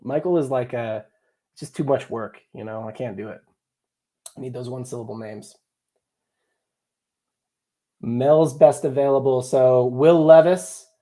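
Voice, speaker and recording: Warm and mid-range, this young man's voice moves at an unhurried pace with frequent pauses. He's hosting a live draft stream, reading viewer comments and bantering jokily with chat and co-hosts.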